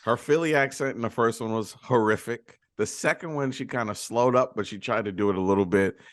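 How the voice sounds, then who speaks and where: A man co-hosting a movie podcast, giving relaxed, offhand opinions in casual chat. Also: medium pitch, a little fast, dry recording. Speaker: podcast co-host.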